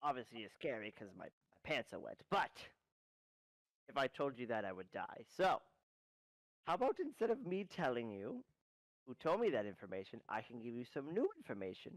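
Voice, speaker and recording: A man's voice: medium pitch, sing-song, normal speed, dry recording, poor audio. A man voicing a scared male goblin captive who babbles and pleads. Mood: nervous pleading.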